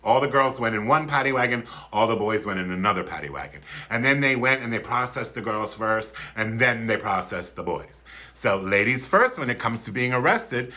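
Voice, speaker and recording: A flamboyant man in his fifties, from Philadelphia, tells a comic story on a livestream. He sounds campy and theatrical, and his voice is very bright and sharp with a middle pitch. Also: animated, moderate pace, few pauses. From Philadelphia, USA.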